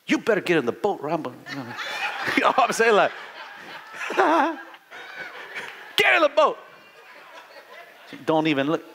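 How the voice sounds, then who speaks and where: A middle-aged man preaching a live sermon with fervent energy, stammering restarts and bursts of shouting. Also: fairly high pitch, slight background noise. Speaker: pastor.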